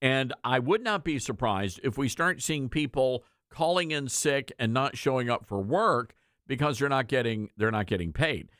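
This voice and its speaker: A man's voice: medium pitch, moderate pace, fairly bright tone, dry recording, studio quality. Folksy male talk radio host. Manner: folksy, sarcastic, conversational. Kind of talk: political talk radio commentary.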